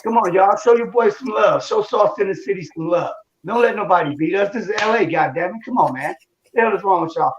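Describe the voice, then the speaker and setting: A man's voice: high voice, fast. A male comedian ranting with mock anger and heavy profanity, doing stand-up into a video call. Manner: mock-angry, profane, loud rants. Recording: echoey room with faint noise.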